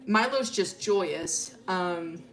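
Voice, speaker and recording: With faint music in the background, a woman streamer draws out her words in a lowish, fairly bright voice. She's rambling through a casual tale about her original characters, cursing freely, laughing often and filling it with fillers.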